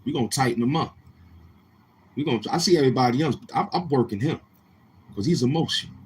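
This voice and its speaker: A man hosting a live stream, mocking someone in a slow drawl with drawn-out hums. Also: mid-range voice, animated, a little hiss or hum, poor audio. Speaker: livestream show host. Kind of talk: trash-talking live stream commentary.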